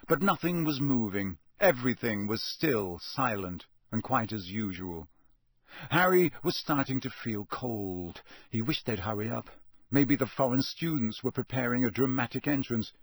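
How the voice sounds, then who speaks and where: A man reading a storybook aloud in measured scripted narration. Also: mid-range voice, lively intonation, a bit bright, dry recording. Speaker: audiobook narrator.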